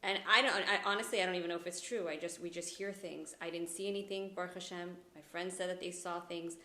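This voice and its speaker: A woman podcast host telling a story in an emotional, soft-spoken way in a conversational interview. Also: on the low side, steady tone, fast talker. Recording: echoey room with faint ambience.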